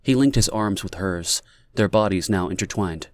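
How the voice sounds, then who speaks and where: A male narrator reads an audiobook in a low, measured voice. The sound is dry and close, with no room around it. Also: no echo. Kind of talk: scripted narration.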